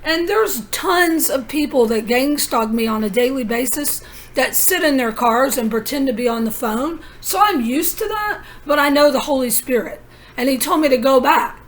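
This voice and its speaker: A woman's voice: high voice, lively intonation, normal speed. A woman vlogging in a rambling personal monologue, telling her story in an urgent, conspiratorial way with many asides.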